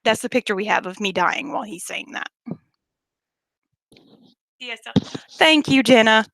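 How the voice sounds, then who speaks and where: A young woman with a Southern US accent and a slightly high voice chats casually with her viewers late at night at a moderate pace, in a dry recording. Her rambling stories are animated, full of laughs and swearing.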